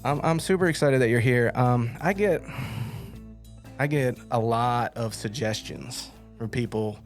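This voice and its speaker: A man's voice: medium pitch, unhurried, soft background music. A middle-aged man hosting an interview, chatting casually and telling stories with lots of fillers and restarts. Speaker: podcast host.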